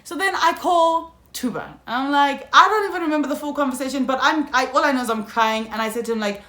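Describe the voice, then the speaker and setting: A young South African woman telling a storytime vlog, animated and slangy, often calling out to her viewers. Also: high voice, fast talker. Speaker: YouTuber. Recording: echoey room.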